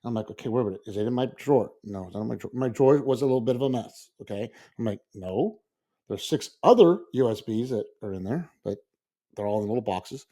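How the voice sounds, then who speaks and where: A man in casual podcast chat, a school librarian telling an animated story and acting out his own reactions. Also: medium pitch, fast.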